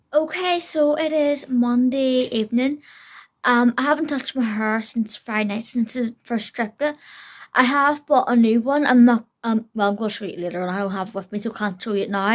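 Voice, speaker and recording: A woman's voice: on the high side, creaky. A young woman, chatting casually at home in a rambling beauty vlog. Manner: rambling, self-deprecating, many fillers. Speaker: beauty vlogger.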